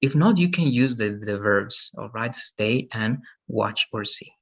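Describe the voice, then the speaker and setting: A man's voice: on the low side, animated, measured pace, a bit bright, slightly rough. A man teaching English in an online lesson, patient and repeating "okay" and "right" often, heard over a video call.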